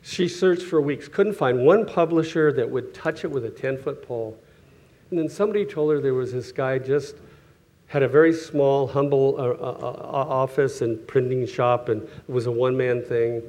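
A middle-aged man preaches in an easy, chatty way, with a voice of middle pitch. He stumbles, restarts and chuckles as he tells stories, and he changes his voice when he quotes the people in them. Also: moderate pace, darkish tone. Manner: conversational, self-correcting, chuckles often, acts out quoted voices. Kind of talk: sermon with personal stories.

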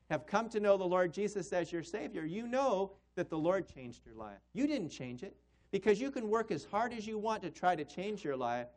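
A man preaching a sermon to his congregation, earnest and repetitive, swinging between loud emphasis and soft, quiet lines. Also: high-pitched. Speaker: pastor.

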